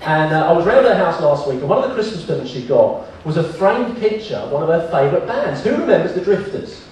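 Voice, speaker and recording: A man's voice: on the high side, very animated, fast talker, darkish tone, distant mic. A man in his thirties giving a seminar talk as guest speaker, a self-mocking joker who tells funny stories to an audience. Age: 30s. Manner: joking, self-mocking storyteller. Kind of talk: comic business seminar talk. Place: large hall with an audience. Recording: echoey hall, picked up from afar, with noise.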